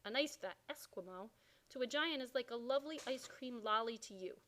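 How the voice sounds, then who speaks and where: A woman's voice: a little high, animated, fairly quick, a bit bright. Woman reading as a kindly giant who mangles his words. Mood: earnest. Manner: mangled grammar and made-up words. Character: huge kindly old male giant.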